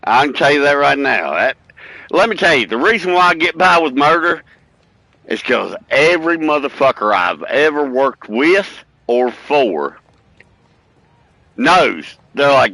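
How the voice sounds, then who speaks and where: A middle-aged man lectures bluntly in casual stream chat, cursing freely and stressing every point. His voice is bright and forceful, recorded dry and close with no room sound. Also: medium pitch, big pitch swings, unhurried, no echo, low-quality recording. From United States. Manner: blunt, profane, preachy and emphatic.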